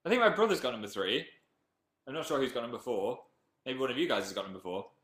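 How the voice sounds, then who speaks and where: A man's voice: medium pitch, animated, quick pace, fairly bright tone, roomy sound. A young man with a Northern English accent, chatting casually on a live stream and reading viewer comments aloud. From Northern England.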